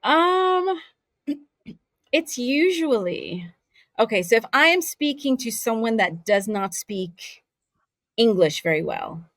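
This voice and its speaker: A woman's voice: on the high side, slow, long pauses, dry recording. A woman raised in Saudi Arabia, a voice actor telling stories candidly in a casual interview. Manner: candid, animated storyteller. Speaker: voice actor guest.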